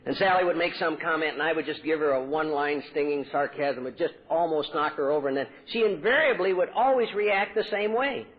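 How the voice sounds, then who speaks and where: A man's voice: brisk, hardly any pauses. A man speaking at a recovery meeting, telling his story earnestly and acting out quoted lines with his voice. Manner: earnest, acts out quoted dialogue with pitch jumps. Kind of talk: personal storytelling talk. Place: convention hall. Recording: tinny old tape recording.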